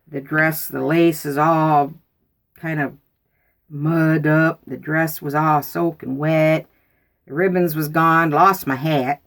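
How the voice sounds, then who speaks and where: A woman telling a folksy childhood story in a casual, drawn-out way to her viewers. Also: low voice, creaky. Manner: folksy, drawn-out, animated when quoting.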